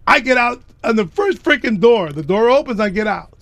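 A man from Miami, a guest telling a personal story with emphatic bursts of loud excitement. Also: very high-pitched, a little fast, no echo.

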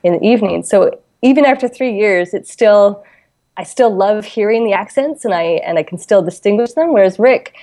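A woman's voice: medium pitch, lively intonation, moderate pace, mellow. A Canadian woman chatting as an interview guest, laughing often and full of fillers and restarts. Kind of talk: casual interview chat.

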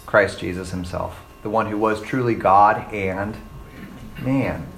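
A man's voice: lowish voice, takes it slowly, creaky, a bit bright, slight background noise. A man preaching a sermon in a conversational way, often checking in with listeners and acting out the voices of the people he quotes. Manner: checks in with "right?" and "okay?". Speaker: pastor.

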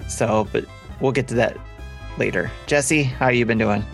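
A man's voice: mid-range voice, measured pace, vocal fry. A man hosting a casual gaming podcast in an upbeat, joking way. His voice sits in a mid range, and faint music plays underneath. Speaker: podcast host.

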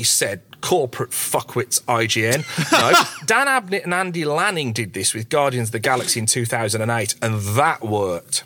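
Lively mock-pompous British man ranting. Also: medium pitch, moderate pace, hardly any pauses. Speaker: segment contributor. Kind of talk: scripted comedic rant. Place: separate recording played on the show.

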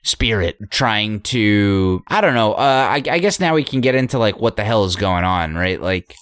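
A man in casual chat, talking through a story he read, halting with many restarts and fillers. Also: on the low side, animated, fairly bright tone, clear, resonant tone, dry recording. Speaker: story discussion co-host.

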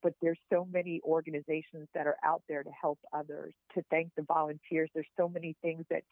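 A woman's voice: sits low, little pitch movement, brisk, no room sound. A woman guest on a podcast telling personal stories in an earnest, heartfelt, encouraging way. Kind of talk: personal storytelling over a call. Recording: tinny phone-line sound, dry.

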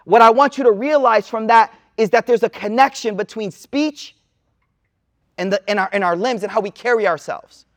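A high-pitched man in his thirties gives a relaxed sermon to a gathered audience. He teaches through personal stories, dropping street slang and quick asides along the way. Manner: casual, slangy storytelling with lively asides. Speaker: Islamic teacher. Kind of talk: informal sermon to a live audience. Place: room with a seated audience.

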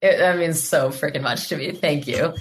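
A woman hosting a casual podcast interview, speaking in a warm, grateful and emotional way. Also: deep voice, normal speed, a little hiss or hum. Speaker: podcast host.

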